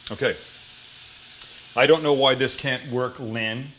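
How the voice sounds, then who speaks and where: A man's voice: mid-range voice, a little slow, slight background noise, rough recording. A man hosting a cooking show, chatting casually and telling joking stories as he cooks. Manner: joking, animated storytelling.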